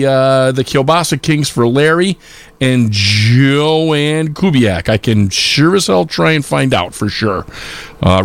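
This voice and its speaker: A man's voice: medium pitch, no echo. A man hosting a live polka radio show, chatting casually and rambling with lots of filler sounds.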